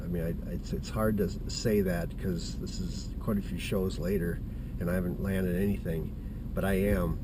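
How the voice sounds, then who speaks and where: Rambling low-voiced man outdoors. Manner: rambling, self-deprecating, halting restarts. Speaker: hunting vlogger. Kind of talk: casual talk to camera. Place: by his truck outdoors near woods. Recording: noisy outdoor camera audio.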